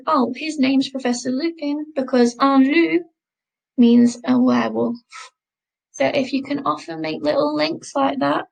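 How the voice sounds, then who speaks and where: A woman teaching a recorded French lesson, modelling words slowly and repeating them for learners to copy. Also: high voice, creaky, darkish tone, rough recording. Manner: slow, careful pronunciation drills, repeating words.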